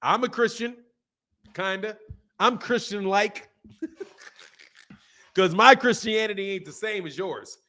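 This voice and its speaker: Animated, high-voiced man talking boxing. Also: slow pace, pauses often. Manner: animated, laughs often, drawls slang, mimics others. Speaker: boxing channel host. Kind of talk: livestream commentary, reading super chats.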